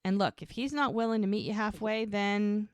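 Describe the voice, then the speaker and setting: A woman's voice: mid-range voice, moderate pace, clean tone, no echo. A woman co-hosting a podcast, casually recapping a TV episode and retelling scenes by quoting the characters. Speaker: podcast co-host.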